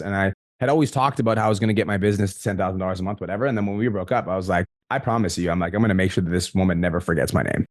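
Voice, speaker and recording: A man's voice: lowish voice, dry recording, clean studio sound. A man hosting a podcast in casual chat, talking bluntly and swearing often. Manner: fast, blunt, swears a lot. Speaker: podcast host.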